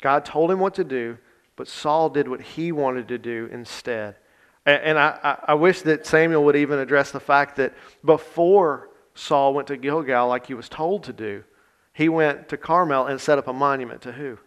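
Man, pastor, sermon, casual and conversational, emphatic when reading scripture, medium pitch. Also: normal speed, fairly bright tone, clear, resonant tone.

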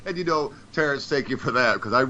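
Podcast co-host, male, lively pitch, rambling and profane, lo-fi audio. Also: fast, a little hiss or hum. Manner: rambling, swears, repeats words. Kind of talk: casual podcast chat. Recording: dull lo-fi sound.

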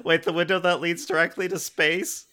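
A man's voice: a little high, little pitch movement, moderate pace, bright, forceful tone. A man co-hosting a comic storybook read-along, joking in a sarcastic way. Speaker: co-host. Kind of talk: comedic read-along chat.

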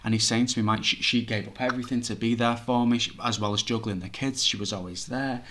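A man's voice: mid-range voice, fairly even intonation, quick pace, fairly bright tone, a little hiss or hum. A man working as a psychic medium, talking chattily and reassuringly as he relays messages to a sitter. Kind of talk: reading for a sitter.

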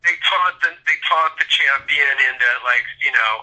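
A man's voice: fairly high pitch, normal speed, bright, forceful tone, poor audio. A man in casual conversation, curious and full of questions about boxing. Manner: curious, asks questions, admits ignorance. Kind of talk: casual chat.

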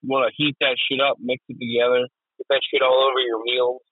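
A man's voice: mid-range voice, level tone, brisk, husky, no echo. A young man co-hosting a podcast in loose, profane casual chat, laughing often. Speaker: podcast co-host. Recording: tinny phone-like, dry.

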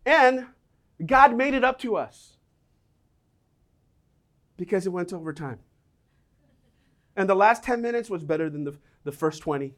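A middle-aged man preaching a sermon, telling personal stories with lively, animated delivery and voicing the people in them. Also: sits high. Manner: animated storytelling, acts out quoted voices.

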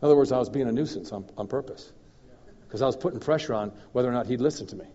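Guest preacher guy telling a story, gets loud then goes quiet, long echo from the hall, kinda muffled sound. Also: very fast. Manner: animated, swings between loud emphatic and low confiding. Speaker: guest minister. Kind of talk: storytelling sermon. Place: church hall. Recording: dull recording in a reverberant hall.

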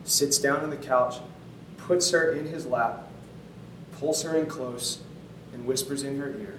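A man's voice: medium pitch, steady tone, unhurried, noisy background. A man in his thirties, a pastor telling a story in a sermon, conversational and earnest with casual fillers. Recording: roomy sound from a distant mic.

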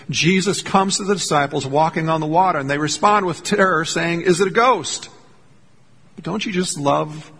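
A man preaching a sermon as pastor, telling a story earnestly and slowing down to stress key lines. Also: a little high, fairly bright tone, husky, big-room sound. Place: church sanctuary.

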